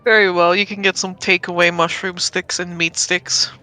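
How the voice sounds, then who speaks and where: A woman's voice: fairly low pitch, little pitch movement, moderate pace, sharp tone, faint music behind, poor audio. A woman acting as dungeon master, narrating a tabletop game in a playful, chatty way. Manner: playful and chatty, often laughing.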